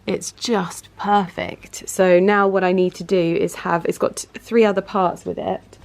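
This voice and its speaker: This lifestyle vlogger speaks indoors at home in a mid-range, creaky voice with a darkish tone. Her casual chat is gushing and rambling, and she often hunts for the right words.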